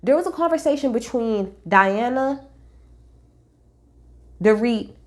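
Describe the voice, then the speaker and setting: A woman's voice: fairly high pitch, animated, slow pace. Blunt, gossipy woman recapping reality TV. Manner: blunt, profane, gossipy and opinionated; talks straight to viewers, casual slang. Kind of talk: casual reality show recap commentary.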